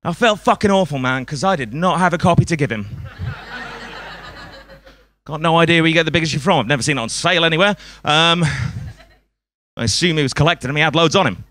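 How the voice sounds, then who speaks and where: A man's voice: on the high side, fast talker, pauses often, pushed and bright, a little hiss or hum. A man doing a stand-up comedy set on a club stage, swearing a lot and chuckling at his own jokes.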